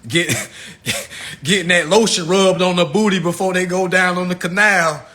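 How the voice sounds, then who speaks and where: Man, casual livestream rant, slangy, animated, ringing tone, fairly high pitch. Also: unhurried. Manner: slangy and animated, jumps from low mutters to shouts; laughs at his own jokes. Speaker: livestream host.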